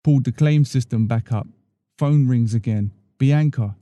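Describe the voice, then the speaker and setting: Mellow man reading a story. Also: medium pitch, normal speed, no room sound. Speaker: storyteller, podcast host. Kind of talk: first-person story reading.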